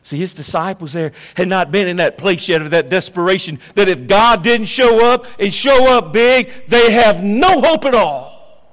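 A man preaching a sermon, swinging from hushed, slow lines to loud, emphatic ones. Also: high-pitched, lively intonation, big-room sound.

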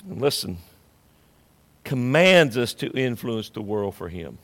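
A man's voice: mid-range voice, very animated, unhurried, fairly bright tone, big-room sound. A man preaching a sermon as pastor, emphatic and repetitive, swelling and dropping in intensity.

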